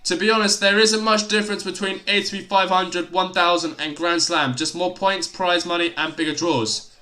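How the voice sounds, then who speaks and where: A young man calling a tennis match live on a stream, his voice pitched high and bright. He bursts into loud exclamations at big points and talks in a loose, chatty way in between. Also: steady tone, moderate pace. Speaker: livestream tennis commentator. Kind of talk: excitable live play-by-play commentary.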